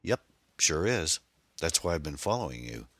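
Male narrator as a steady, kind man in an audiobook, very deep, calm, reassuring. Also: moderate pace, no echo, exaggerated voice.

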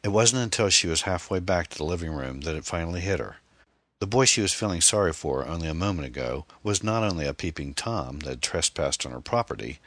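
A man narrating a novel in steady, scripted audiobook style. His voice is extremely low, yet bright and forceful in tone. It is recorded close and dry, with no room sound. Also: no room sound.

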